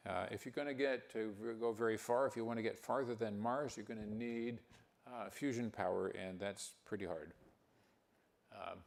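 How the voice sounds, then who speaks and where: Gravelly, halting older man giving a talk. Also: on the low side, fairly even intonation. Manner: halting, many uhs and restarts. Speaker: keynote speaker. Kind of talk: conference talk.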